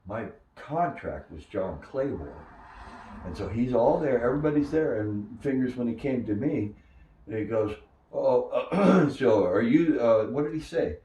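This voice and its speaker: An older man recalling his days as a minor league pitcher, telling stories and acting out the voices of others. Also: moderate pace. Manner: animated storyteller who acts out quoted voices. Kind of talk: storytelling interview. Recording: echoey room, distant mic.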